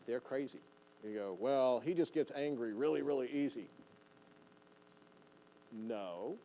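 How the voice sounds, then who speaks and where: A man's voice: medium pitch, warm tone, slight background noise, poor audio. An older man preaching a conversational sermon in a church, folksy and plain-spoken, often repeating words and acting out what people say. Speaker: pastor teaching a seminar.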